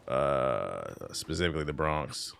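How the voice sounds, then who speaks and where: A man's voice: very deep voice, animated, unhurried, vocal fry, a bit bright, clean tone. A man streaming a game, chatting casually with his chat in loose, profane slang. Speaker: gaming streamer. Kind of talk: casual live-stream commentary while playing.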